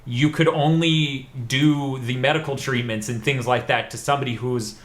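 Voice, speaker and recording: A man co-hosting a casual podcast, talking in an animated, profane way. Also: mid-range voice, normal speed. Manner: animated, profane, bursts of laughter. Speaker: podcast co-host. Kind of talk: casual review chat.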